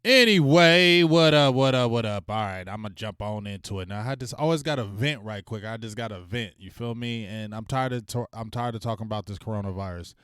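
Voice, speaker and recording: A man chats casually to his livestream audience, loose and slangy, breaking into loud shout-outs and venting. His voice is smooth and resonant. The sound is dry and close to the mic. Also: on the low side, brisk, hardly any pauses, dry recording. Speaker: sports talk stream host.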